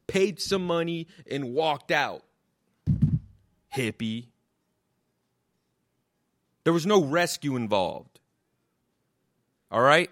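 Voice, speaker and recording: A comedian with a fairly high, fairly bright voice launches into a profane, mocking rant. He swears constantly and keeps hammering the same insults.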